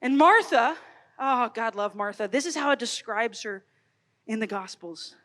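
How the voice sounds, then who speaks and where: Lively woman speaker at a youth conference, high voice, goes big then quiet, long echo off a big hall. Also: measured pace. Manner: expressive, storytelling, swings from loud to hushed. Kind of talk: animated Catholic youth talk. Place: large hall.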